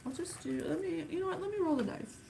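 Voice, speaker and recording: A woman giving a casual psychic reading, thinking aloud with sighs and halting pauses. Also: extremely high pitch, creaky, background noise. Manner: musing, sighing, thinking aloud; slow, halting, counts things off one by one. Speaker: psychic reader. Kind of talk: casual spirit reading to camera.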